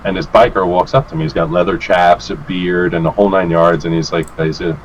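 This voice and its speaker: A man with a fairly low voice tells a rambling story in a relaxed, chatty way. He jumps into other people's lines, swears freely and laughs along as he goes. A faint hiss sits under the recording. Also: fairly quick, muffled recording. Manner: animated, acts out quotes with swearing and laughs. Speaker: guest, vape reviewer. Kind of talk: casual storytelling chat.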